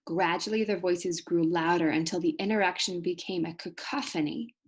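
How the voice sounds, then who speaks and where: Woman teacher reading a novel aloud to students, explains vocabulary as she goes, husky tone. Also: on the low side, fairly even intonation, moderate pace. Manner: explains hard words as she reads.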